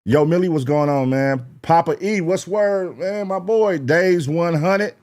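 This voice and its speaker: A man's voice: on the high side, measured pace. Hyped, slangy male reaction streamer. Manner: loose, laughing, profane slang, shouting out chat names. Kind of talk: live-stream reaction commentary.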